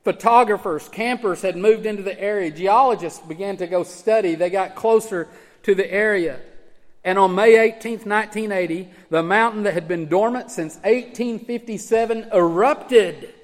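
A man preaching a sermon as pastor, emphatic, swinging from loud urging to hushed low tones. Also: moderate pace. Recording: church hall with long reverb.

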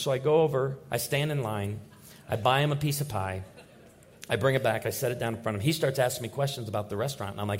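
A man preaching a sermon in church, telling stories with lively acted-out voices. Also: medium pitch, fast. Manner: animated storytelling with acted-out voices. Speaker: pastor.

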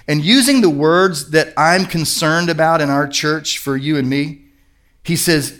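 A male pastor preaching a sermon, telling a story in an animated, humorous way. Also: on the high side, normal speed.

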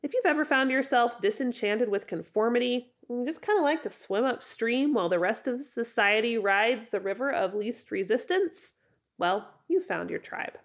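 A woman hosting a casual solo podcast, hoarse and raspy from a head cold, chatting and rambling in a friendly way. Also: fairly high pitch, lively intonation, moderate pace. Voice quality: raspy, froggy. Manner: chatty, rambling, self-correcting with laughs. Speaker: podcast host.

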